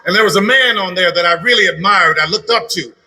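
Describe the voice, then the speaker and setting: A man's voice: sits high, fast, bright, forceful tone, poor audio. A middle-aged man giving an earnest personal testimony at a political rally, driving his points home with repeated phrases. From lived in Georgia over thirty years. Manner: earnest, repetitive, building emphasis. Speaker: rally speaker.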